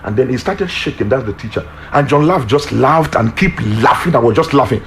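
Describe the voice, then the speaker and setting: Nigerian pastor telling an animated story. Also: male voice, medium pitch, a little fast, a little hiss or hum. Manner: animated, acts out story voices. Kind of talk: sermon with storytelling.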